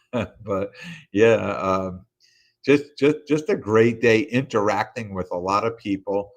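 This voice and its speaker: A man's voice: lowish voice, slow, dull audio. A middle-aged man hosting a podcast, giving a casual, rambling recap full of fillers and restarts. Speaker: podcast host.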